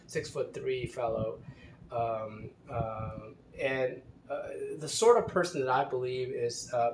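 A man telling a casual anecdote in a rambling, hesitant way, often restarting his sentences. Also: medium pitch. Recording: roomy with faint ambient noise.

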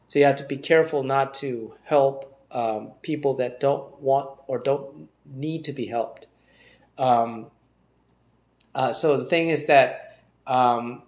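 A man giving an informal Bible study talk, hesitant, with many fillers and restarts. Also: a little high. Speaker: Bible teacher.

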